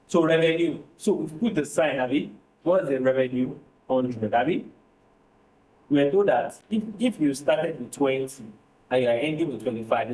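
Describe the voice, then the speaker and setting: A man's voice: mid-range voice, a little mellow. A man teaching a finance class, repeating numbers and quizzing his students. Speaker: finance tutor. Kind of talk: classroom lecture. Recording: roomy, distant classroom recording.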